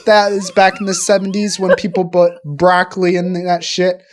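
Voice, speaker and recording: A man co-hosting a comedy podcast, rambling and halting through improvised bits with profanity and constant restarts. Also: high-pitched, level tone, slight background noise. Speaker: podcast co-host.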